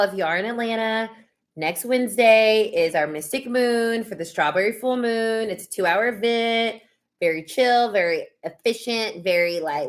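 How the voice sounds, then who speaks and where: A woman hosting a live tarot session. She talks in a loose, effusive, chatty way, full of fillers. Her pitch sits in an ordinary middle range. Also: a bit bright. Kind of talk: casual live-stream tarot reading.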